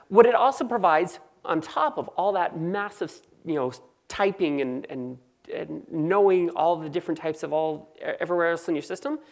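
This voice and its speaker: A Californian woman with a low, gravelly voice gives a technical conference talk. Her delivery is quick, joking and conversational.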